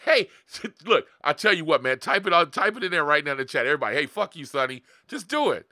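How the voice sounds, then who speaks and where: A man's voice: a little high, very animated, fast, sharp tone, dry recording, clean studio sound. A man in his forties talking bluntly and profanely on a live stream, coaching his viewers and laughing often. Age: 40s. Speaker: online marketing coach. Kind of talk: live-streamed motivational talk.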